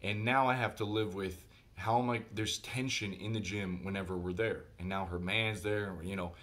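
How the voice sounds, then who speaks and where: A man telling a personal story in a casual vlog monologue, animated and conversational, speaking directly to his viewers. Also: lowish voice, normal speed. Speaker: vlogger.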